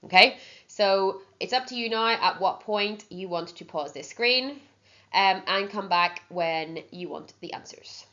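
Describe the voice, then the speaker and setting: A woman's voice: mid-range voice, measured pace, pushed and bright. A woman teaching an exam-prep language lesson, explaining patiently step by step and checking in with frequent "okay"s. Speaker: Spanish teacher. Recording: dull lo-fi sound.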